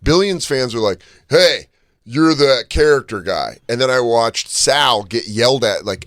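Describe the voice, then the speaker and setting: A man co-hosting a casual talk show, telling stories and doing loud impressions of fans. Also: mid-range voice, expressive, unhurried, no echo, studio quality. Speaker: podcast co-host. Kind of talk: casual chat.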